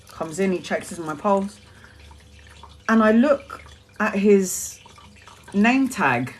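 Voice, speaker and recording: A woman from Brazil, a tarot reader, telling a story on a live stream with a lively, laughing and swearing manner. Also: medium pitch, slow, pauses often, slight background noise.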